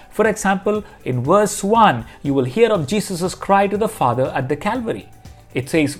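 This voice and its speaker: A man with a slightly higher voice delivers a devotional teaching in an earnest, measured way. He reads scripture passages aloud as he teaches, with faint music underneath. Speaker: pastor.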